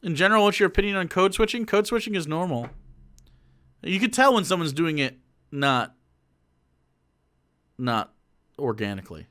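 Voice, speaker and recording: A man streaming casual commentary into a microphone, loose and profane, swinging between muttered asides and loud rants. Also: high voice, lively intonation, moderate pace, pauses often.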